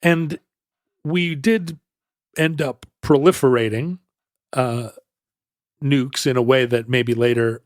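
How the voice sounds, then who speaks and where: A man's voice: mid-range voice, slow, pauses often, dry recording, clean studio sound. A man co-hosting a podcast, explaining history in a rambling way, often correcting himself mid-sentence. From United States. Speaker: podcast co-host. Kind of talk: casual chat.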